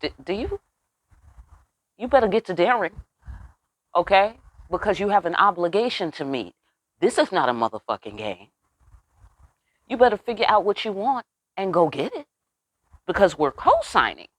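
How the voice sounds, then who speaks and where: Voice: medium pitch, big pitch swings, normal speed, pauses often, a bit bright, no echo, clean studio sound. A tarot reader giving a casual spiritual reading, talking bluntly with lots of cursing and rhetorical questions. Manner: profane, emphatic, streetwise; asks the listeners rhetorical questions.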